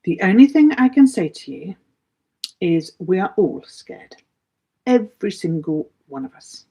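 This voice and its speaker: A woman's voice: mid-range voice, animated, measured pace, gravelly, mellow, slightly rough. A woman from England with an English accent, giving a chatty live English lesson and answering viewers' questions with many asides. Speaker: English teacher.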